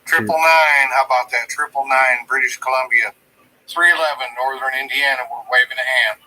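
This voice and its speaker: A man's voice: medium pitch, fairly even intonation, moderate pace, bright, forceful tone, slight background noise, rough recording. A man on another live stream, friendly, greeting viewers by where they are from.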